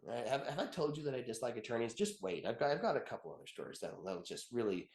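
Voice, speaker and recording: A man's voice: mid-range voice, very animated, fast talker, vocal fry, a little mellow, echoey room. A man in his thirties, an attorney giving a conversational webinar, chatty and joking, telling personal stories and laughing often.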